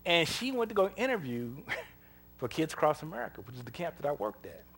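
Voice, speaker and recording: A male preacher with a bright, forceful voice that sits a touch high for a man. His pitch swings widely as he tells stories in a folksy, conversational way, acting out the dialogue and laughing along. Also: big pitch swings, a little fast, slightly rough. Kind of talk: sermon with storytelling.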